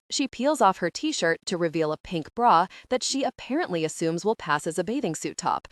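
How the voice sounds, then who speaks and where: Woman narrator, first-person audiobook, wry and expressive, slightly low voice, dry close mic. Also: moderate pace, hardly any pauses, no room sound.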